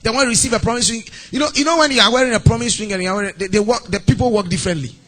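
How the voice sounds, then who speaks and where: Man, Ghanaian English accent, pastor, animated sermon, high voice, sing-song delivery. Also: racing. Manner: animated, acts out mock phone calls and scenes.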